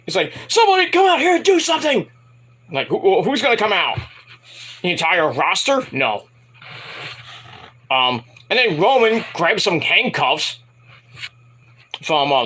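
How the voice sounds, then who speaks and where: A man casually reviewing a wrestling event in a rambling, animated retelling with asides. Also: a little high.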